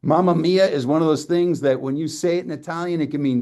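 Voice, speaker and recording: A man's voice: on the high side, fast, hardly any pauses, a little mellow. A man giving a loose, folksy, sentimental presentation on a live video call from his home office, talking the audience through slides. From Canada. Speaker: company presenter.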